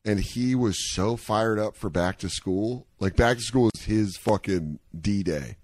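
A man's voice: fairly low pitch, a little slow, a little mellow, no echo. A young man co-hosting a comedy podcast, telling stories and riffing in silly voices. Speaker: podcast co-host. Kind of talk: casual comedic chat.

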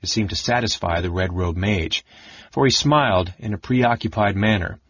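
A man reading a fantasy audiobook as narrator, in an even, measured way. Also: on the low side, husky, no room sound, muffled recording. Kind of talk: scripted narration.

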